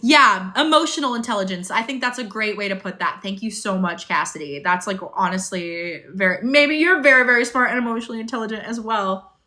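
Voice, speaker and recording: Bright-voiced young woman chatting on a livestream. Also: mid-range voice, fairly quick. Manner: chatty, bubbly, reads and answers viewer comments. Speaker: livestream host. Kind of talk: casual livestream chat. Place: motel room. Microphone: phone on tripod.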